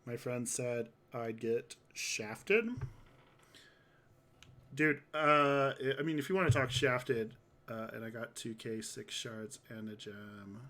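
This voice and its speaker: Male streamer, unhurried chatty commentary, mid-pitched voice. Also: sharp tone. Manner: chatty, says "dude" often, reacts to chat. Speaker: game streamer. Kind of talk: casual livestream commentary.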